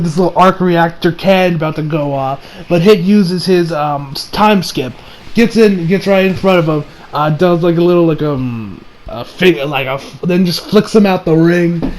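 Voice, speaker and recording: A man giving a casual, rambling episode review, excitable and laughing, who acts out the characters' lines in quick voices. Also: fairly high pitch, slight background noise, rough recording. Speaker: anime reviewer.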